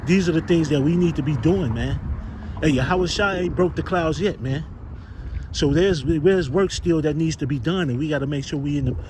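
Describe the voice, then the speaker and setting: A man with a mellow voice on the high side preaches casually to his brothers on a noisy street, recorded outdoors. He's a street preacher who rambles and curses as he searches for the words of scripture in this informal exhortation.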